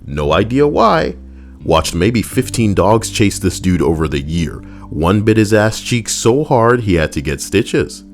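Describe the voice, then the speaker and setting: A man's voice: fairly low pitch, sing-song, unhurried, soft background music. A man casually reading online stories aloud on a live stream, swearing freely, laughing and breaking off to riff between lines.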